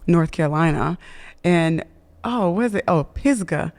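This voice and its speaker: A woman co-hosting a casual marriage podcast, chatty and quick to laugh, saying "y'all.". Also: fairly low pitch, darkish tone. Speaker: podcast co-host.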